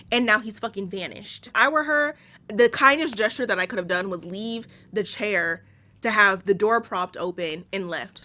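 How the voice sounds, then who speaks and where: A woman with a bright, forceful voice recaps a horror movie in a casual, unfiltered way. She talks bluntly and sarcastically, swears freely, and riffs on what she would have done. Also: medium pitch.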